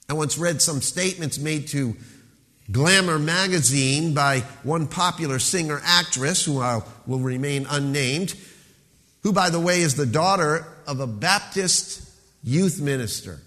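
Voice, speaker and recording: A man pastor preaching a sermon with emphasis, slowing down to stress key words. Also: on the high side, expressive, a bit bright, in a large hall.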